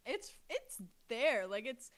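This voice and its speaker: A woman co-hosting a casual live-stream music review, playful and quick to laugh. Her voice sits a touch high. She chimes in with short agreements and teasing remarks. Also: sing-song.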